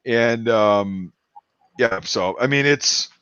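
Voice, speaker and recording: A man's voice: mid-range voice, takes it slowly, a bit bright, smooth, no room sound, lo-fi sound. A man talking casually about his film production, rambling with many fillers and restarts. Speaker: filmmaker discussing his production. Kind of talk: casual podcast chat.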